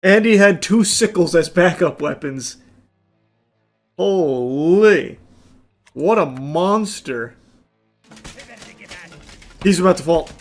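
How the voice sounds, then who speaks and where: A man giving live gaming commentary, breaking into excitable shouted outbursts and profane, self-mocking asides. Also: high-pitched, takes it slowly, long pauses, faint music behind. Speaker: gaming streamer.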